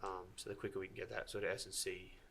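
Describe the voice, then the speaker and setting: Man, coach, podcast chat, halting delivery, gravelly, faint background noise. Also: deep voice, little pitch movement, fairly bright tone. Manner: halting, many restarts and fillers. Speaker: strength and conditioning coach.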